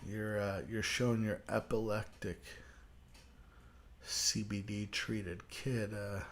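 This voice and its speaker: A man's voice: lowish voice, little pitch movement, takes it slowly. A man hosting a show, delivering a profane, mocking roast with crude jokes and stammered restarts. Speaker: show host.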